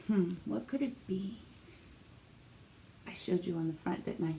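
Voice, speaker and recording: A woman teacher reading a picture book aloud to young children, animated and encouraging as she asks them questions. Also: mid-range voice, unhurried, pauses often, a little hiss or hum.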